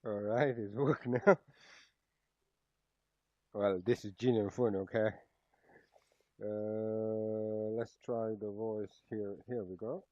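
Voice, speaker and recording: Slow halting man demoing a gadget. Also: on the low side, fairly even intonation, no room sound. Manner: halting, repeats words, tries things live. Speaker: product reviewer. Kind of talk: casual gadget demo. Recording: dull lo-fi sound.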